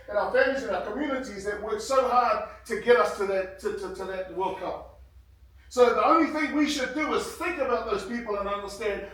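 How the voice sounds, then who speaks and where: A former rugby player in his fifties gives students an earnest motivational speech in a large hall, telling stories and growing emotional. His very high-pitched, fairly bright voice is heard from afar in a very echoey space.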